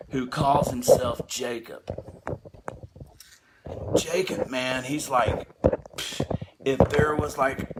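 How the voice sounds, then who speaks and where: A man's voice: medium pitch, very noisy. A man telling a rambling, profane comic recap in a laid-back way, with laughing asides. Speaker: storyteller.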